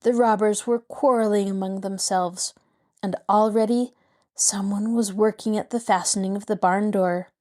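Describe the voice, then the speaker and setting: A woman host narrating a mystery novel aloud with a lively, dramatic delivery. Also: mid-range voice, normal speed. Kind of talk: scripted storybook narration.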